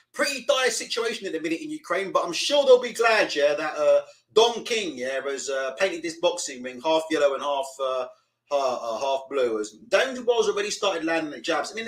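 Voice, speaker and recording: A young man with a fairly high voice chats casually over a live boxing stream. He rambles, swears freely and reads viewers' comments aloud between bits of commentary. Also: a bit bright, rough recording.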